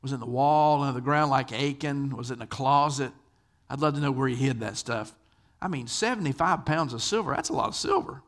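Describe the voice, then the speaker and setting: Speaking fairly high and fairly quickly with a slightly bright tone, an older pastor delivers a sermon as a conversational storyteller who puts questions to his audience.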